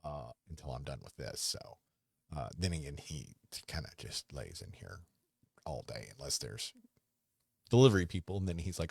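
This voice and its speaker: Very deep husky-voiced man rambling. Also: animated, darkish tone, no echo. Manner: rambling, halting, talks fondly to his dog. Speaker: podcast host. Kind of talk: casual rambling livestream chat. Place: home. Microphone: desk microphone.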